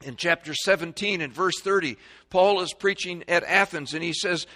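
A man preaching a sermon, reading scripture in old-fashioned wording and calling out verses, swinging between loud stresses and quiet asides, recorded in a church sanctuary. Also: high voice, moderate pace. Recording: long reverb of a large hall.

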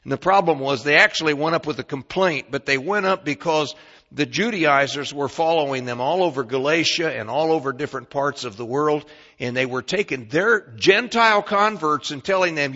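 Bright-voiced preacher, emphatic. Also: male voice, a little high, moderate pace. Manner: emphatic preaching, swinging between quiet and loud. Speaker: pastor. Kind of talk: sermon. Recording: dull lo-fi recording.

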